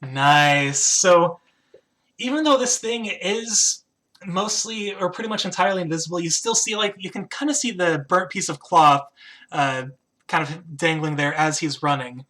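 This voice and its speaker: A game master narrates a tabletop game in a bright, sharp voice. The telling is casual and hesitant, full of fillers and restarts. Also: medium pitch, measured pace. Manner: hesitant narration with many "uh" and "kind of".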